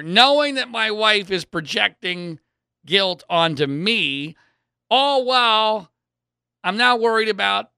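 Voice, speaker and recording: A man's voice: high-pitched, clear, resonant tone, dry recording, studio quality. Exasperated man telling a personal story. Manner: exasperated, swinging from loud to muttered.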